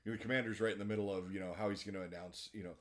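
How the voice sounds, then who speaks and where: A man's voice: low-pitched, steady tone, racing. A man co-hosting a podcast, casually recapping a cartoon episode at length and laughing often. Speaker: podcast co-host.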